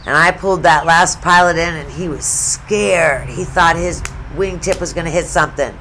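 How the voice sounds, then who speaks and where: A woman's voice: fairly low pitch, moderate pace, a bit bright, a little hiss or hum. Chatty, blunt middle-aged woman vlogger. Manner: chatty, blunt and profane, with asides. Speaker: sports vlogger. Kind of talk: casual storytelling vlog.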